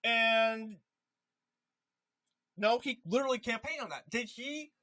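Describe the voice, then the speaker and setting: A political commentator ranting in an animated, emphatic way, often repeating a point for effect. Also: mid-range voice, slow, low-quality recording.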